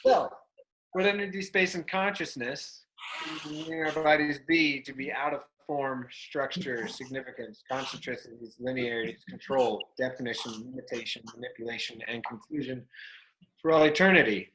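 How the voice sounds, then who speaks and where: A man's voice: medium pitch, moderate pace, noisy background. A man facilitating a live workshop class in a room, loose and playful, breaking into whoops. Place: room with an audience.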